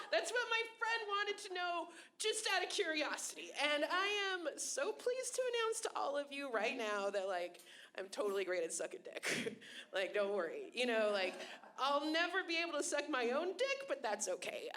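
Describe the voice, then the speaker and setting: A woman in her thirties hosting a stand-up show in a small venue, self-deprecating and animated, laughing between jokes. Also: sits high. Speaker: stand-up comedian and host. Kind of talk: stand-up comedy set. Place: small comedy venue with a few people.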